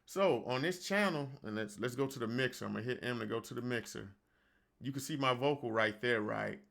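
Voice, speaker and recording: A man's voice: medium pitch, a little fast, creaky, a bit bright. A man hosting a home studio tutorial, talking loosely and conversationally and addressing viewers as y'all. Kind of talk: casual screen-recorded software tutorial. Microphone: studio microphone.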